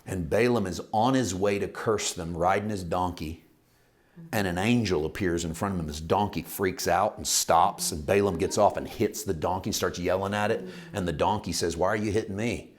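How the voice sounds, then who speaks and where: Low-voiced man teaching a Bible lesson. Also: moderate pace. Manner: conversational and emphatic, asks the audience questions.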